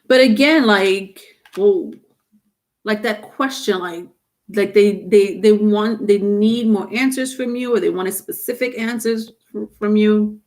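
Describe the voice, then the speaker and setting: A woman's voice: medium pitch, measured pace, a little mellow. A woman giving a live-streamed tarot reading, rambling with many fillers and restarts. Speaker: tarot reader.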